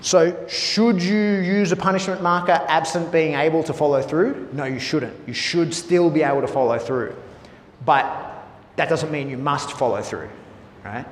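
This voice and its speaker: A man with a somewhat high voice explains dog training bluntly and casually, swearing often and tagging his points with "right?". He is recorded in a reverberant room with a long echo tail, and a faint hiss sits under his voice. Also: normal speed. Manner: blunt, profane, peppered with "right?". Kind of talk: casual teaching talk.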